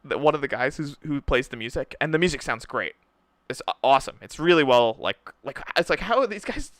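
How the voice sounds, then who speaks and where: The recording is dry, and this man's medium-pitched voice moves fairly quickly. As co-host of a laid-back conversation, he animatedly spins stories and leans heavily on "right?" and "dude."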